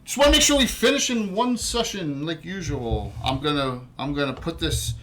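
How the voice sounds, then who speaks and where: A man's voice: fairly high pitch, lively intonation, normal speed, a bit bright, slight background noise. A man with a New Jersey accent running a tabletop game as game master, rambling with many restarts.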